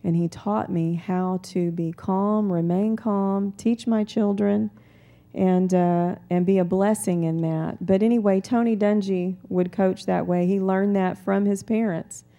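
A woman preaching a sermon in a calm, conversational way, weaving in personal stories. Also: mid-range voice, a little slow, highs cut off.

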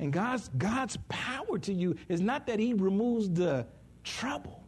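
A man preaching a sermon in an animated way, jumping from loud high bursts to hushed asides, with speech. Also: a little slow, breathy edge.

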